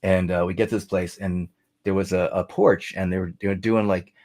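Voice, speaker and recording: Man, deep voice, middle-aged, rambling storyteller, casual interview guest. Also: fairly even intonation, fairly quick, a little mellow. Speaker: songwriter guest.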